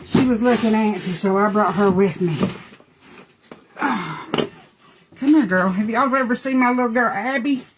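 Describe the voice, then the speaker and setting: A woman's voice: on the high side, unhurried, pauses often, noisy background. A woman chatting folksily through a live makeup demo, talking to her dogs between steps.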